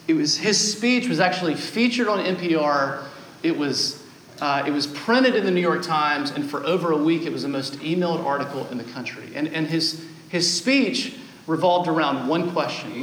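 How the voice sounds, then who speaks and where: A man in his thirties preaching a sermon as a guest pastor, telling stories with animated, self-deprecating humor. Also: a little high, echoey room, poor audio.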